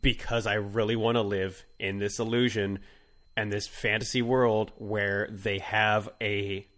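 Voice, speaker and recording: Brief: male podcast co-host, low-pitched, rambling comic chat full of restarts. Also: level tone, a bit bright. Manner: rambling, halting with many fillers and restarts. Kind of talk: casual comedic chat.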